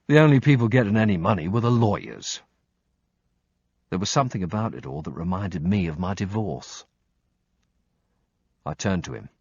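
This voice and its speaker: Brief: low male audiobook narrator, lively intonation, wry and blunt, dry muffled recording. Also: moderate pace, pauses often, husky, dry recording. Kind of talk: first-person audiobook narration.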